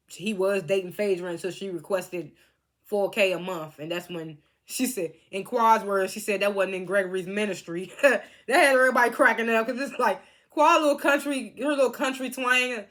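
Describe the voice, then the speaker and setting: A woman's voice: medium pitch, normal speed, fairly bright tone. A woman casually recapping a reality TV reunion, chatty and laughing often as she quotes the cast.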